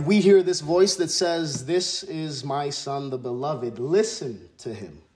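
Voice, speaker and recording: A man's voice: on the high side, a little mellow. Congested man preaching a reflective sermon. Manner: reflective, questioning, frequent restarts. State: congested from allergies. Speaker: pastor. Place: church sanctuary.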